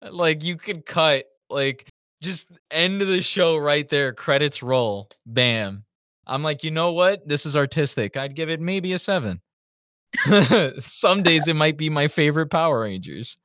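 A man's voice: on the high side, lively intonation, takes it slowly, a bit bright, smooth, no room sound, clean studio sound. A man co-hosting a casual review podcast, joking and swearing freely. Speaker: podcast co-host.

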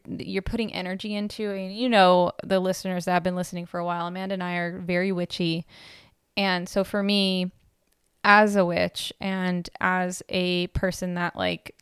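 A young woman co-hosts a casual podcast chat, earnest and rambling, with plenty of "like" fillers. Her voice is smooth and resonant. The recording is close and dry. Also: fairly low pitch, dry recording. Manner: chatty, filler-heavy, earnest. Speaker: podcast co-host.

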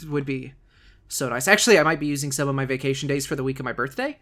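A man hosting a wrestling podcast, chatting casually and joking with his co-host, talking fast and with enthusiasm. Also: medium pitch, fairly bright tone.

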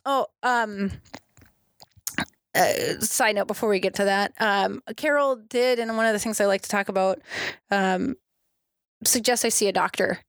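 A woman's voice: medium pitch, measured pace, long pauses, no echo, studio quality. A woman guest sharing a personal story in casual conversation, candid and self-deprecating, often restarting her sentences.

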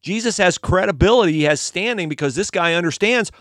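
A male preacher talks through a sermon in an easygoing, storytelling way. His slightly high voice rises and falls freely. The sound is dry and close. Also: fairly quick, few pauses, no room sound. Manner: conversational, animated storytelling.

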